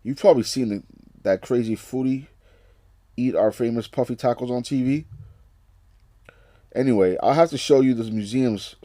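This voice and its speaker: A man's voice: medium pitch, dark tone, no echo, studio quality, lightly acted. A man voicing a chatty young male superhero from a comic book, reading his lines in an eager, rambling way.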